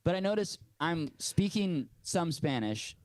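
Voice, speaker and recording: A man's voice: a little high, sing-song, a little slow, no room sound, clean studio sound. A man co-hosting a podcast, telling stories in a rambling, hesitant, self-mocking way. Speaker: podcast co-host. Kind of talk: casual comedy chat.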